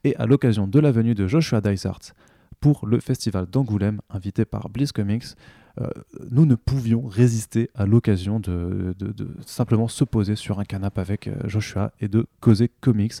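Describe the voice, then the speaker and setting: A French man hosting a casual podcast interview, speaking with a French accent and pausing often with fillers. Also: on the low side, vocal fry, dark tone, no room sound, studio quality. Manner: halting, frequent filler pauses. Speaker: podcast host.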